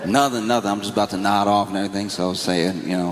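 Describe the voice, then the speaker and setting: A man performing stand-up comedy, telling stories and acting out his friends' startled phone replies in high excited voices. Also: fast talker, long reverb tail, noisy background. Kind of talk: stand-up storytelling.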